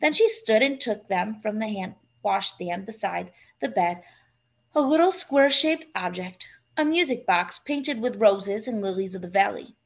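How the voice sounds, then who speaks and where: A woman reading a children's novel aloud in a steady, measured way. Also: mid-range voice, gravelly. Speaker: reader.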